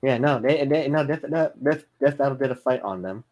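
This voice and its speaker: A man's voice: medium pitch, brisk, darkish tone. Easygoing man keeping the chat on track. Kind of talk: casual chat.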